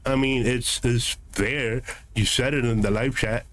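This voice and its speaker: A man's voice: mid-range voice, fairly even intonation, measured pace, a bit bright. A man streaming a game, answering his live chat in a combative, sarcastic, lecturing way.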